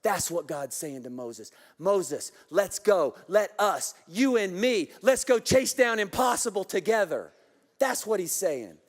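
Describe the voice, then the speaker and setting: A passionate man preaches to a large church crowd, his voice pitched notably high. He leads the room in repeated call-and-response lines. Long reverb from the big auditorium trails each phrase. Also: big pitch swings, unhurried. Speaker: pastor. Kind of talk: sermon. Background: congregation in the room.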